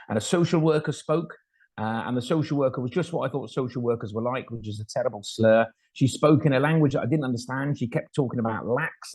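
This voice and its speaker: A middle-aged man tells a story in a relaxed, talkative way. He speaks at a mid pitch, drops in plenty of fillers, and acts out the lines of the people he met with humour at his own expense. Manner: chatty and self-deprecating, acts out dialogue, frequent fillers. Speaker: foster carer telling his story. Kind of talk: anecdotal storytelling talk.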